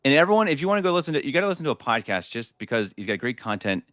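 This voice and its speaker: A man's voice: medium pitch, sing-song, very fast, fairly bright tone, no room sound, studio quality. An American man hosting a live podcast, talking casually with lots of fillers and repeated words. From United States. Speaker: podcast host.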